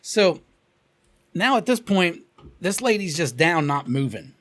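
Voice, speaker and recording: Podcast co-host, man, Cincinnati accent, lively profane storyteller, slightly high voice. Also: unhurried. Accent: Cincinnati, Ohio. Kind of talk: casual storytelling chat.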